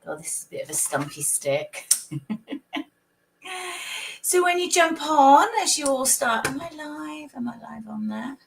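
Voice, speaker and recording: Croaky chatty woman host. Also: high voice, lively intonation, unhurried, long pauses, noisy background. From United Kingdom. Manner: chatty, greets viewers by name, laughs often. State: croaky with a cold coming. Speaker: psychic live-stream host. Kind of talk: casual live-stream chat.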